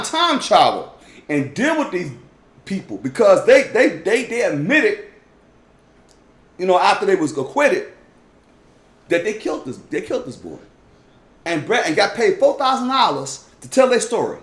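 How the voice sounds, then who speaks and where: A man's voice: high-pitched, very animated, a little slow, long pauses. Emphatic preacher man in an echoey room. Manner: emphatic, repeats "y'all", swings from loud to hushed. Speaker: teacher leading a Bible study. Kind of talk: informal Bible teaching.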